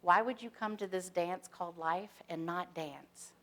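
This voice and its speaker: A woman minister giving a sermon, starting with gentle, soft-spoken guided stillness and moving into storytelling. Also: on the low side, unhurried. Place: church sanctuary, stage lights.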